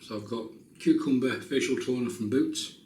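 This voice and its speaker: A man's voice: medium pitch, normal speed, darkish tone, recorded from a distance. Joking man in his fifties. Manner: chatty, joking, self-mocking asides. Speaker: shaving vlogger. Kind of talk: casual chat while shaving. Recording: roomy, off-mic, faint noise.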